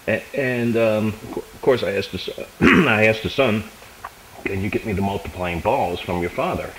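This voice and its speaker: A man's voice: fairly low pitch, moderate pace, a bit bright, a little hiss or hum, rough recording. A man hosting a casual phone interview, rambling a little and chuckling often. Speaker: radio host.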